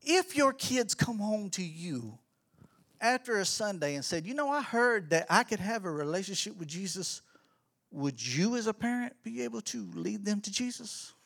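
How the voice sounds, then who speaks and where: A middle-aged man giving an energetic, preacherly church talk as a children's ministry pastor, rising to emphatic shouts. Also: high-pitched, moderate pace, vocal fry.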